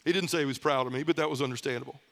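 Speaking very fast in a medium-pitched, slightly bright voice, a middle-aged conference speaker gives his testimony from a conference hall stage. The story is heartfelt and often told in the present tense.

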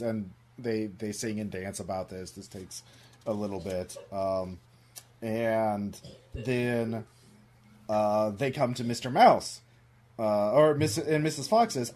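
A man narrating as game master, rambling with many fillers and pauses. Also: fairly low pitch, a little mellow.

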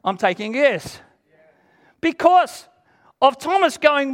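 A man with a strikingly high-pitched voice preaches an earnest, emphatic sermon. He retells scripture in plain, everyday words for his congregation. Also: sing-song, slow pace, fairly bright tone.

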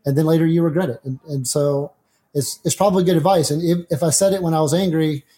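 A middle-aged man with a soft, mellow tone that sits slightly high for a male voice. He talks things through as a guest in a relaxed discussion, reaching for homely examples from daily life. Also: fast. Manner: thinks aloud with homespun examples. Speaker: atheist guest. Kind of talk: conversational discussion.

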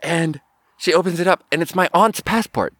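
A man hosting a podcast, telling a funny travel story in a rambling, animated way and laughing at his own punchlines. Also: high voice, a little fast, no echo, clean studio sound. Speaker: podcast host. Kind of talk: casual storytelling.

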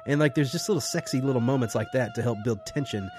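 A man's voice: mid-range voice, wildly swooping pitch, fast talker, a little mellow, a little hiss or hum. A man co-hosting a casual film podcast, gushing with enthusiasm and swearing freely. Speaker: podcast co-host.

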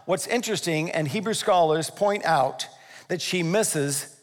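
A man preaching a sermon as pastor, animated, acting out voices and asking his listeners questions. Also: fairly high pitch, measured pace, big-room sound. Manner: animated, acts out voices, asks the audience questions.

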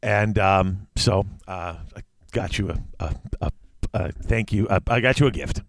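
A man's voice: low voice, unhurried, a little hiss or hum. A man hosting a podcast, chatting casually with a co-host and rambling through his thoughts with many restarts. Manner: rambling, with frequent restarts and trailing off. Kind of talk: casual chat.

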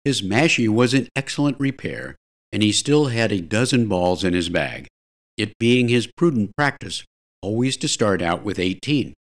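A man's voice: on the low side, expressive, moderate pace. A man narrating a comic story in a wry, dry storytelling manner.

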